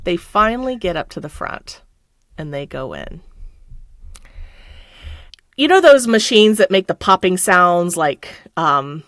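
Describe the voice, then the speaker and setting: A middle-aged woman guest telling a story in casual chat, her pitch leaping up and down as she laughs and acts out the people she quotes. The sound is dry and close, with no room around it. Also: big pitch swings, unhurried, long pauses, fairly bright tone, no room sound.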